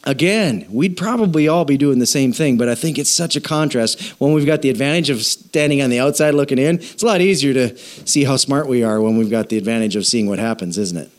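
A man's voice: medium pitch, brisk, few pauses. A man preaching a sermon in a casual, joking way, often asking his congregation questions. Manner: animated, jokey, asks the congregation questions. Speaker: pastor.

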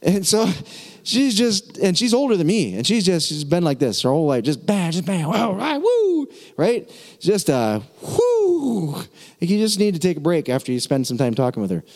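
A man preaching a sermon as pastor, lively and repetitive, drawing out words for emphasis. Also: on the high side, fairly quick. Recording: long hall reverb.

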